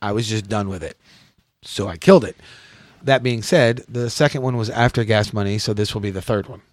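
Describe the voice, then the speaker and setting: A man's voice: lowish voice, brisk, dry recording. A man hosting a podcast outdoors, chatting bluntly with lots of swearing and jokes. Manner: blunt, profane, joking. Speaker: podcast host. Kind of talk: casual podcast chat.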